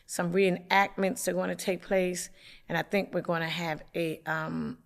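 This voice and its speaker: A councilwoman from hosting a local community TV show, with the hiccups, making announcements in a halting way with many fillers. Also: fairly low pitch, fairly even intonation. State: has the hiccups.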